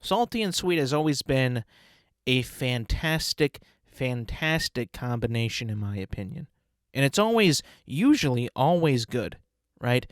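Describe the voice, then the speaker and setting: Male podcast host, mid-pitched, rambling, playful, dry close sound. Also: very animated, a little slow, no room sound. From United States. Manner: rambling, playful, savoring food talk. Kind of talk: casual solo podcast monologue.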